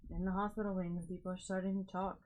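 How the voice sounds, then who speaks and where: A woman's voice: fairly low pitch, level tone, fast talker, a little mellow. A young woman streaming herself building a toy set, chatting casually and musing aloud as she drifts between topics. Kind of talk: casual chat while building.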